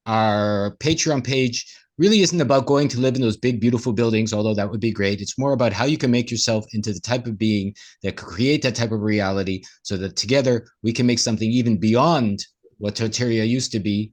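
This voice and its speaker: A man's voice: medium pitch, a little mellow. A man co-hosting a casual conversation, talking in an earnest, motivational way. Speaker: co-host.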